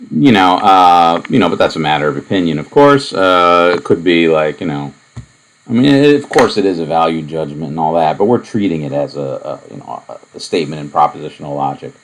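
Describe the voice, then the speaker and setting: A man lecturing on propositional logic, explaining in a relaxed, wandering way with many asides and fillers. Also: low voice, fairly quick, rough recording. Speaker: math lecturer. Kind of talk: recorded lecture.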